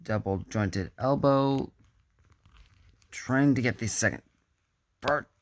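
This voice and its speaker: A man's voice: medium pitch, slow pace, dry recording. A man giving a casual hands-on action figure review, chatty and muttering asides to himself as he handles the figure.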